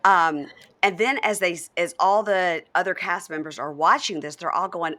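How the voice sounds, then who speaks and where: A woman in casual podcast chat, recapping a reality show with animated storytelling and acting out quoted lines in voices. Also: on the low side, normal speed. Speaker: podcast co-host.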